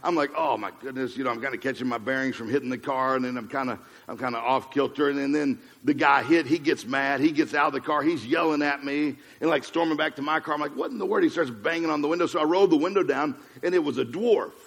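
A man's voice: mid-range voice, fast, hardly any pauses, fairly bright tone. A man preaching a humorous motivational sermon, a joking storyteller who hammers home punchy repeated phrases. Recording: long hall reverb.

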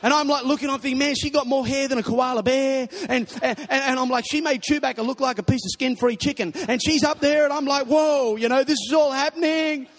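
A young man preaching a sermon, telling stories animatedly and breaking into shouts. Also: extremely high pitch, a little fast, hardly any pauses. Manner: animated storytelling, bursts into shouting. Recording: long reverb of a large hall.

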